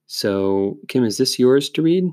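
A man's voice: mid-range voice, expressive, a little slow, darkish tone, no room sound, studio quality. A man hosting a faith podcast, chatting casually and explaining things in a rambling, friendly way. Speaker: podcast host. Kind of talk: casual chat.

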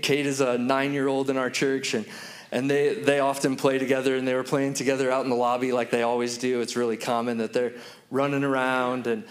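A man in his thirties preaching a sermon to his church, telling stories and slowing down to repeat key lines for emphasis. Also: medium pitch. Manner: storytelling with slow, emphatic repetitions. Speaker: pastor.

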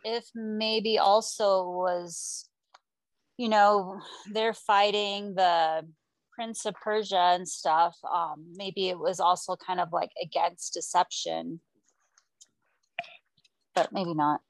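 A woman's voice: mid-range voice, slow, dry recording, rough recording. A woman taking part in a casual Bible study discussion, offering her thoughts tentatively. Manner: tentative, hesitant.

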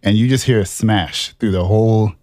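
A man co-hosting a podcast, telling a personal story in a relaxed, animated way and laughing at himself as he goes. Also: lowish voice, normal speed, dry recording, studio quality. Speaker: podcast co-host. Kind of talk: casual storytelling chat.

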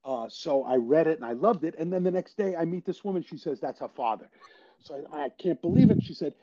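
An older actor telling a story in a casual interview, animated and quoting the people in it. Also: male voice, on the high side, a little fast, very noisy. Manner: animated storyteller, quotes people in his tales. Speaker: guest actor. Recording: dull lo-fi audio.

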